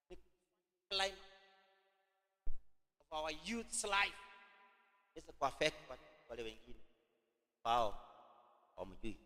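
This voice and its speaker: A man with a Kenyan accent preaching at a youth camp, slowly dictating points and repeating phrases, slipping into Swahili. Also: a little high, sing-song, sharp tone, big-room sound. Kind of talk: teaching sermon dictated as notes.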